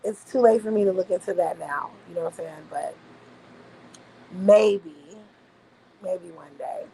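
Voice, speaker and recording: A woman's voice: on the low side, a little slow, vocal fry, mellow, a little hiss or hum, rough recording. A woman hosting a casual livestream, chatting loosely with her viewers and swearing freely. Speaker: livestream host. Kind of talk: casual late-night livestream chat.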